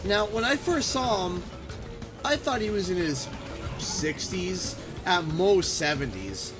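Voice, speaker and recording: A young Canadian man live-streaming, telling a rambling, animated anecdote full of restarts. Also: sits high, slow pace. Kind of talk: casual live-stream storytelling. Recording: game music playing underneath. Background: game music.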